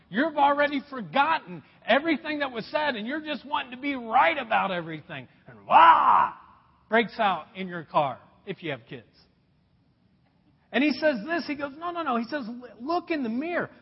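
Brief: high, lively male pastor, slightly husky, preaching in a long-echo hall on a dull recording. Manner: emphatic, repeats key phrases, drops to quiet. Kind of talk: sermon. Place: church auditorium.

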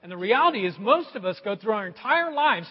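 A middle-aged male pastor preaching a sermon, swinging between loud emphasis and quiet asides. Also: sits high, very animated, a little fast, slightly rough. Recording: dull, echoey hall sound.

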